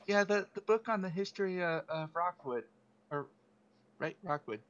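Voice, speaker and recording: A man's voice: high-pitched, normal speed, a bit bright. Man role-playing a ghost, lo-fi mic. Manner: playful, in character as a ghost. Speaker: player. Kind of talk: in-character tabletop role-play.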